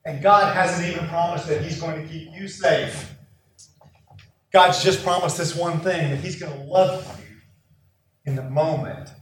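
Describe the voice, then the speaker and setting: A man preaching a sermon, telling a personal story with animated, self-mocking asides. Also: fairly high pitch, measured pace, a little hiss or hum. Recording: echoey room from far off.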